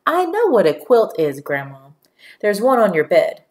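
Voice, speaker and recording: A woman voicing an eager, impatient young girl who asks pleading, excited questions. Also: mid-range voice, moderate pace.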